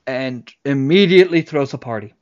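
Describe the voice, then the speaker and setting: A man's voice: mid-range voice, lively intonation, normal speed, lo-fi sound, background noise. A man co-hosting a casual movie podcast, retelling scenes in detail and laughing often. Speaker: podcast co-host.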